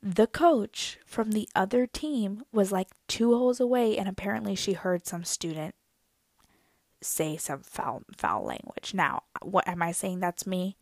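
A young woman chats straight to her viewers, telling a story with lots of drama and playful self-mockery. Her voice sits at a middle pitch and is recorded close and dry, with no room sound. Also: lively intonation, measured pace, no room sound. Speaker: vlogger.

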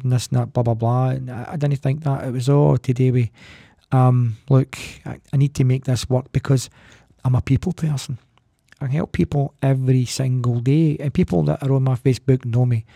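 Man, podcast host, dark gravelly voice, earnest and rambling monologue, repeats himself for emphasis. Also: mid-range voice, no echo, studio quality. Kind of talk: personal storytelling monologue.

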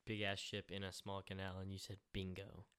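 A man's voice: low voice, monotone, fairly quick, a bit bright, clean tone. A young man co-hosting a podcast, bantering casually and crudely, laughing often. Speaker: podcast co-host.

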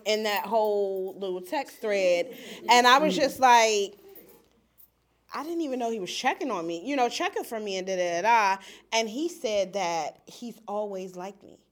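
A woman telling a personal story in a small group, animated and laughing as she acts out quoted lines. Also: a little high. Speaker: group participant. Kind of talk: casual storytelling. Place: small indoor group setting.

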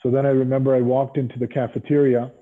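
A middle-aged man telling stories as an interview guest, animated and acting out other people's lines. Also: medium pitch, fast. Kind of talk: casual storytelling interview. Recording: tinny phone-like line.

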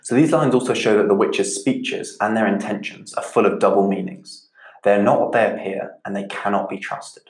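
A man teaching a literature lesson, measured and explanatory, going back over key points. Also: fairly low pitch, darkish tone. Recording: echoey room.

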